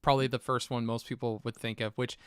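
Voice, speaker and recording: A man's voice: mid-range voice, level tone, fast, clean tone, dry recording, studio quality. A young man hosting a casual film chat, rambling with many fillers and acting out movie quotes. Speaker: podcast host.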